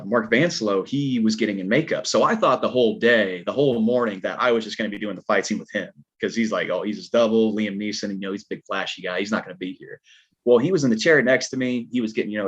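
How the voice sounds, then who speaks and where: Man, southern twang, low husky voice, rambling storyteller, muffled lo-fi podcast sound. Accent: American Southern twang. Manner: laid-back, rambling, lots of filler words. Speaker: podcast guest, stuntman. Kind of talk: casual storytelling chat. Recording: dull lo-fi podcast audio.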